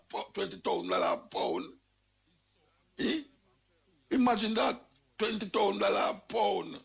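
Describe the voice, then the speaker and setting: A Jamaican man talks in a lively, exclamatory stream, slipping in and out of patois. His voice sits a little high for a man, with a gravelly, crackling edge. He keeps it casual and full of emphatic asides. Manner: animated, exclamatory, patois-laced. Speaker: commentator. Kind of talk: casual commentary monologue.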